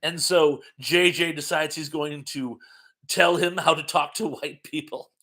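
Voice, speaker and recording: This middle-aged trivia host on a relaxed live stream has a forceful, bright voice pitched slightly high and speaks a little slowly. Chatty and self-mocking as he reads questions and viewer comments, he laughs often and gets tangled in his own sentences.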